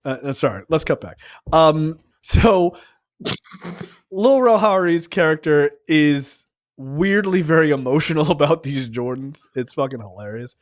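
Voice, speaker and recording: A man's voice: a little high, lively intonation, no echo, clean studio sound. Loose, profane man recapping a movie. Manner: profane, loose, recaps scenes with quick quoted voices. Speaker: podcast co-host reviewing a film. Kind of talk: casual chat.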